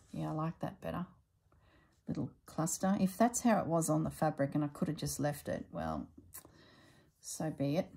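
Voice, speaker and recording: A middle-aged woman chatting casually while she stitches, thinking aloud and drifting into soft asides. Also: low voice, creaky, husky, rough recording. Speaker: slow-stitching vlogger.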